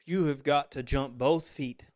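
A middle-aged man preaching a sermon, moving between fervent exclamations and quiet, tender storytelling. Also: mid-range voice, fairly even intonation, a little slow.

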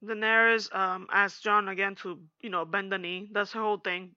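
A young woman chatting casually in a slangy, animated recap, acting out quotes as she goes. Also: mid-range voice, normal speed, dry recording, dull audio.

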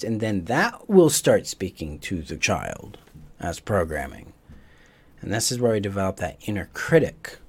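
A man acting as coach and course teacher, explaining ideas gently and reflectively during a live online teaching session, with small restarts as he thinks. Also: lowish voice, husky.

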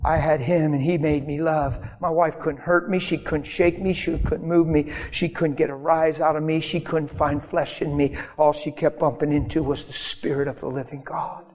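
A man preaching in a large hall, his fairly high voice trailing off into long reverb. He tells a personal story with animated energy, acting out what others said. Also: normal speed, few pauses. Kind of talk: sermon.

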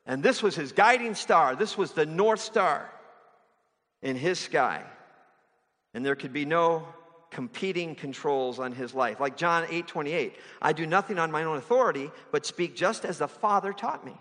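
A man's voice: on the high side, animated, normal speed, fairly bright tone. Man preaching in a reverberant hall. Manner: conversational preaching with rhetorical questions. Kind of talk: sermon.

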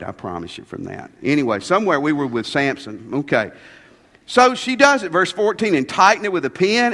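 A man's voice: fairly high pitch, fairly bright tone, big-room sound. A man preaching a sermon as pastor, with folksy, joking asides.

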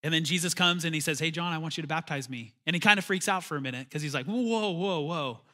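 A man's voice: a little high, rapid-fire, sharp tone. A man preaching a conversational sermon as pastor, calling for amens and building to emphatic bursts.

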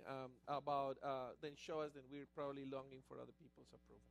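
A man's voice: mid-range voice, level tone, fast, vocal fry, hardly any pauses, dry recording. Man with a Spanish accent hosting. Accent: Spanish-accented English. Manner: hesitant questions, warms to the crowd. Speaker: pastor and host interviewing his wife. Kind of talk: church talk interview.

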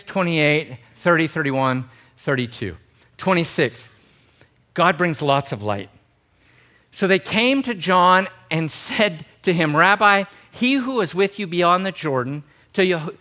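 A pastor in his forties delivers a sermon in a slightly higher voice for a man. He is animated, jumps into quoted voices and slips in self-deprecating jokes. The sound is that of a church sanctuary. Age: 40s. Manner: self-deprecating, joking asides.

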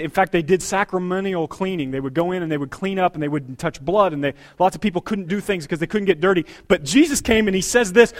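A middle-aged man preaching a sermon in a church, emphatic, swinging between loud declarations and quiet asides. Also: high voice. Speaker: pastor. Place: church sanctuary.

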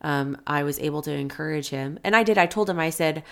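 Low, gravelly-voiced encouraging woman. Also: fairly quick. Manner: earnest, encouraging storyteller. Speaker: podcast host. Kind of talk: motivational podcast talk with a personal story.

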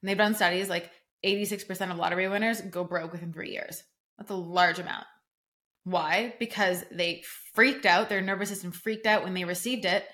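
Speaking steadily at a moderate pace, this young woman hosts a solo coaching podcast in a casual, emphatic style. Her voice is on the low side yet fairly bright, and she leans heavily on "like" while performing the reactions she quotes.

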